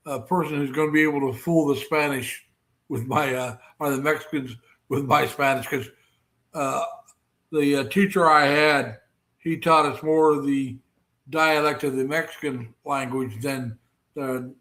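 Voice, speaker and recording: An American man hosting a live stream, chatting casually and rambling with many fillers and pauses. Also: mid-range voice, fairly even intonation, fairly bright tone, poor audio. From United States. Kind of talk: casual chat.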